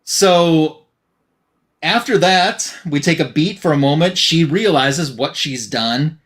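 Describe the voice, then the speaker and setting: A man hosting a podcast, recapping a comic in an animated, casual way and acting out the dialogue. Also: on the high side, slow pace. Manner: animated storytelling, acts out dialogue. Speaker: podcast host.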